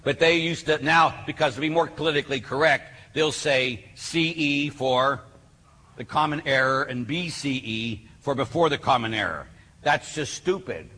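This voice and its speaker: A man's voice: medium pitch, normal speed, sharp tone. A man preaching a sermon with emphatic, insistent delivery to a live audience. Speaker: Catholic speaker. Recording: reverberant hall, faint noise.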